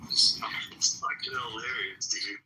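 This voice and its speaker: A man's voice: fairly low pitch, fairly even intonation, a little slow, heavy background noise. A man chatting bluntly and swearing, sometimes flustered and talking over others. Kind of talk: casual chat, then arguing while out on errands.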